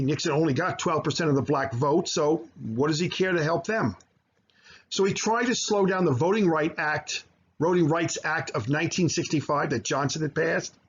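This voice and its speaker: A man teaching high school history over slides, explaining at length with frequent fillers and self-corrections. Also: husky, muffled recording. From United States. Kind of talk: recorded slideshow lecture.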